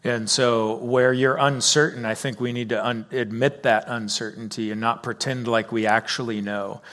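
A man, a church leader, answering questions in a careful, hedging, measured way. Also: mid-range voice, little pitch movement, fairly bright tone. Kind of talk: church Q&A discussion.

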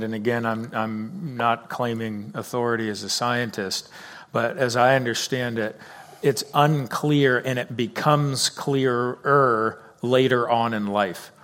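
A man, a church leader, answering questions in a careful, hedging, measured way. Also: medium pitch, a bit bright. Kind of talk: church Q&A discussion.

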